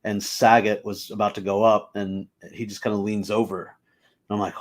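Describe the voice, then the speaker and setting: A young adult man, a stand-up comedian guest, telling casual anecdotes in an animated way, full of fillers and acted-out quotes. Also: on the low side, moderate pace. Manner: animated, filler-heavy, acts out quoted voices.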